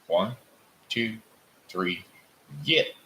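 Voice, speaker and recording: A man's voice: low voice, expressive, slow, pushed and bright, a little hiss or hum, heavily acted, poor audio. A man voicing a casually boastful frontier gambler who talks in a drawling, folksy way. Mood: eager.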